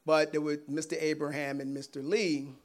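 A man with a fairly high voice shares a personal testimony in casual storytelling mode. He is animated and laughs often. His volume swings between loud bursts and hushed asides. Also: normal speed. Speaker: guest sharing a personal testimony.

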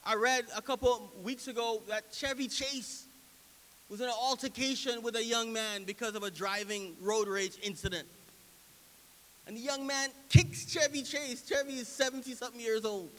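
A man preaching a sermon, moving from quiet reflection to loud, emphatic preaching. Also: very high-pitched, moderate pace, in a large hall, a little hiss or hum. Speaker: pastor.

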